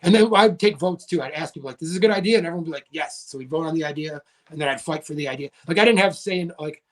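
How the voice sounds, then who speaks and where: A man in his thirties with a fairly high voice talks as a podcast guest. His stories ramble and are full of "like" fillers. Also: rapid-fire. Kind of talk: casual storytelling chat.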